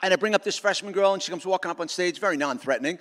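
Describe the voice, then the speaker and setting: A middle-aged man giving an energetic, self-mocking motivational talk to students at a school assembly. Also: high-pitched, very fast. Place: large school auditorium. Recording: long auditorium reverb.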